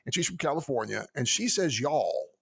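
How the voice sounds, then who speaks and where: A man's voice: mid-range voice, expressive, normal speed, gravelly, husky, dry recording, clean studio sound. A man from the American South co-hosting a podcast, chatting and rambling with frequent laughs and restarts. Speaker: podcast co-host. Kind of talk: casual podcast chat.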